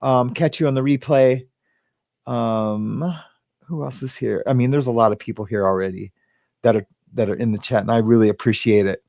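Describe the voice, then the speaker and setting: A man's voice: mid-range voice, fairly even intonation, moderate pace, creaky, warm tone, dry recording. Rambling, hesitant man hosting a livestream. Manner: rambling, hesitant, many ums, greets viewers by name. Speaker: livestream host. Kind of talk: casual livestream chat.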